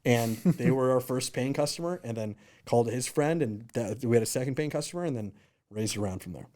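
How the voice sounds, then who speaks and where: A man's voice: medium pitch, fairly quick. A man in his thirties, a startup founder, telling stories casually in an interview and acting out what people said. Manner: animated, acts out quotes in raised voices.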